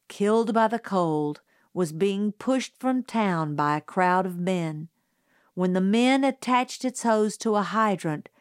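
Slow, unhurried woman narrating a novel. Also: lowish voice, no echo, studio quality. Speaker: audiobook narrator. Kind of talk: scripted first-person narration.

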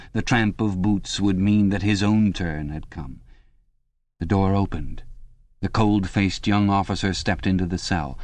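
A man giving scripted audiobook narration in an even, measured reading. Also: low voice, no room sound.

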